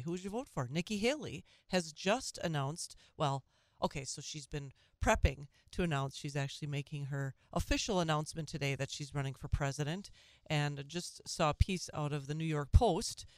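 A talk radio host delivers an opinionated monologue in an earnest tone. The voice sits at a middle pitch, recorded close and dry with no room sound. Sentences often stall and restart in stammers. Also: no echo.

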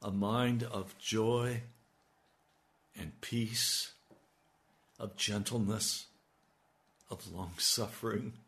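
A man's voice: lowish voice, fairly even intonation, drawn-out words, vocal fry, long pauses, a bit bright. A man preaching a sermon, building to emphatic, urgent appeals. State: hiccups. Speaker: radio preacher.

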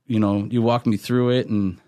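A man's voice: lowish voice, flat delivery, normal speed, mellow, no room sound, studio quality. A middle-aged man, a pastor, earnestly telling his life story in a podcast interview, often restarting his sentences.

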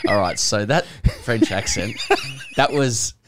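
A man's voice: lowish voice, expressive, slow, background noise. A man co-hosting a podcast in casual chat, telling stories with lots of laughter and repeated restarts. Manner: chatty, laughing storyteller who repeats himself. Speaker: podcast co-host.

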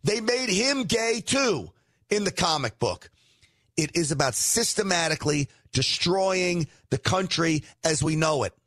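A man's voice: a little high, expressive, a little slow, no echo. A middle-aged man hosting a political show, delivering an emphatic, indignant opinion monologue. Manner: emphatic, indignant, rising to near shouts.

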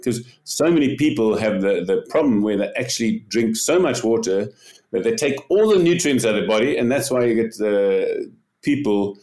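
Low-voiced older man telling animated stories. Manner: animated storyteller, repeats words, acts out quotes. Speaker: podcast guest, ocean paddler. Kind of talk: casual interview talk.

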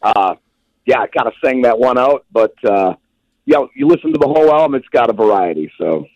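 A relaxed man calls in as a musician guest, his voice sitting right in the middle of the male range. He rambles easily, full of fillers and drawn-out pauses, and never sounds in a hurry. The sound comes through a radio call-in line. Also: medium pitch, creaky, no room sound, highs cut off. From Western North Carolina. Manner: laid-back, rambling with many uh fillers. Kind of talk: casual phone interview.

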